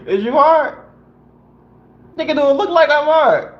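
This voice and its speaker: A man's voice: very high-pitched, sing-song, slow, reverberant, dull audio. A man reading a book aloud and breaking off into loose, slangy, conversational asides. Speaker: reader and commentator.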